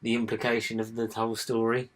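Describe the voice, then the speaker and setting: A man's voice: medium pitch, completely flat delivery, fast talker. A young man co-hosting a casual podcast, rambling with lots of fillers and the odd swear word. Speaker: podcast co-host. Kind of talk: casual chat.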